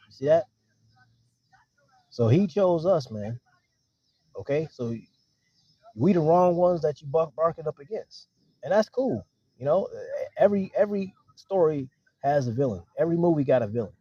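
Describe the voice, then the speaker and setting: A man preaching in a casual, conversational way. He keeps checking in with his listeners and slows down to read scripture aloud. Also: mid-range voice, expressive, warm tone, breathy edge, no echo. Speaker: street preacher teaching scripture. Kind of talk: casual sermon with scripture reading. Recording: dull lo-fi recording.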